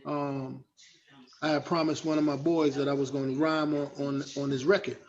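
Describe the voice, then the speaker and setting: A middle-aged man, a guest rapper, telling animated, slangy stories in a casual interview and acting out other people's voices. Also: a little high, moderate pace. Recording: dull lo-fi sound.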